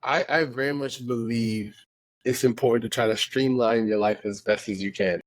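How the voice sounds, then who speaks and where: A man co-hosting a casual podcast conversation, emphatic and quick to laugh, often repeating words as he builds a point. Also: medium pitch, steady tone, dry recording. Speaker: podcast co-host.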